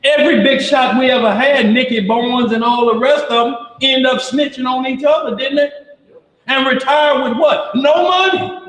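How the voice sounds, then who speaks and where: A man's voice: very high-pitched, moderate pace, fairly bright tone. A man leading an informal Bible study, talking conversationally with rhetorical questions and joking asides. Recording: echoey hall with long reverb.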